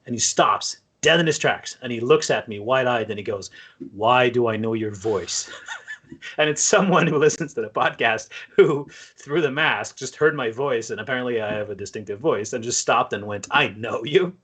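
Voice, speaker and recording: A man from Canada hosting a casual podcast chat, talkative and quick to laugh at himself. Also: medium pitch, fairly bright tone, husky. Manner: talkative, chatty. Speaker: podcast host.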